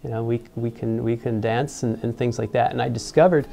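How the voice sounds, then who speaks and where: A man's voice: medium pitch, fairly even intonation, fairly quick, vocal fry, dark tone, slight background noise. A man being interviewed, telling a personal story in a rambling way with many fillers and restarts. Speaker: engineer interviewed about mascot costuming.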